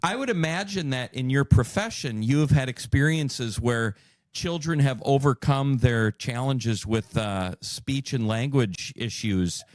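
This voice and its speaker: A middle-aged man hosting a podcast, asking relaxed, easygoing questions and teasing his guest now and then. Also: mid-range voice, unhurried, no echo. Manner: easygoing, teasing, uses many fillers. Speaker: podcast host. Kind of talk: casual interview.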